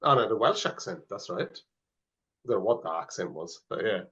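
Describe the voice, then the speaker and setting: A man's voice: fairly low pitch, very animated, normal speed, fairly bright tone. A man co-hosting a podcast, chatting casually, laughing often and stumbling over his words. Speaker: podcast co-host. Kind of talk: casual chat. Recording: slightly dull lo-fi audio.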